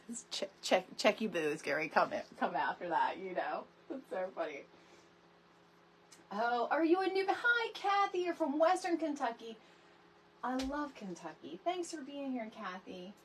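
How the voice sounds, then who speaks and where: A middle-aged woman hosting a casual craft tutorial livestream, chatty and animated, greeting viewers by name from her home craft room. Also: on the high side, normal speed, husky. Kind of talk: casual live crafting chat.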